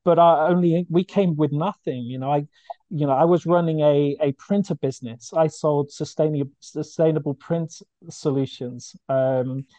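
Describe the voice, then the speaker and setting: A man's voice: a little high, fairly even intonation, moderate pace, dark tone, no room sound. A man, a charity founder, telling his story earnestly and with feeling in a podcast interview, often restarting his sentences. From United Kingdom.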